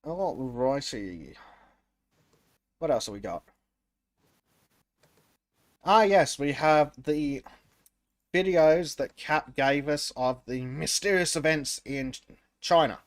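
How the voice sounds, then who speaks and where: A man's voice: on the high side, lively intonation, takes it slowly, long pauses, no echo. A man co-hosting a casual podcast, reading chat comments aloud, laughing often and stumbling over his words.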